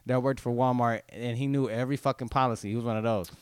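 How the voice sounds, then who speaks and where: Animated swearing man telling stories. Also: mid-range voice, quick pace, clear, resonant tone, dry recording, studio quality. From Los Angeles. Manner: animated, swears a lot, acts out shouting characters. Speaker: podcast guest, comedian. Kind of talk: casual storytelling.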